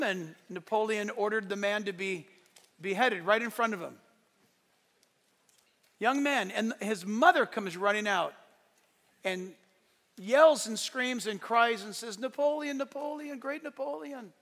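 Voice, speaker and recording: A male pastor preaching in a large church hall, his high voice carrying a long reverb. His tone is bright and forceful, and he tells stories emphatically, swinging between loud and hushed. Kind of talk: sermon.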